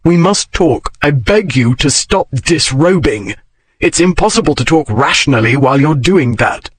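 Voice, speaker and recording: A man voicing a stern aristocratic gentleman who speaks slowly and tightly, fighting for restraint. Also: a little high, animated, slightly rough, no echo. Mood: pleading.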